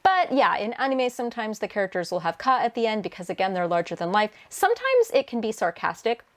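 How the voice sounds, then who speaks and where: A woman's voice: medium pitch, sing-song, fast. Chatty woman answering viewer questions. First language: English. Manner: chatty, many fillers and restarts, laughs often. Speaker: translator and video host. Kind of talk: casual Q&A vlog.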